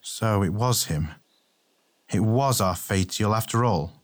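Guy playing a gruff captain, lowish voice, blunt, audio drama. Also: measured pace, close to an everyday voice. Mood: troubled. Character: troubled male warrior captain, gruff and blunt.

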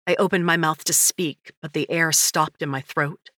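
A woman narrating a first-person story in a measured, even storytelling manner. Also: low voice, no room sound, studio quality. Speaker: audiobook narrator.

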